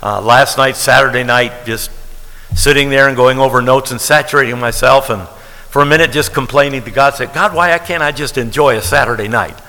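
A man's voice: medium pitch, a little fast, sharp tone, in a large hall, rough recording. A man preaching a sermon as pastor, talking in a conversational way and repeating key phrases for emphasis.

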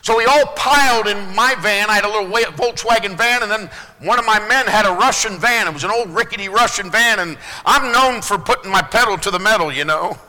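A pastor preaching a sermon to his congregation, moving between loud preaching and hushed, low asides. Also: a little fast, few pauses. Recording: long hall reverb.

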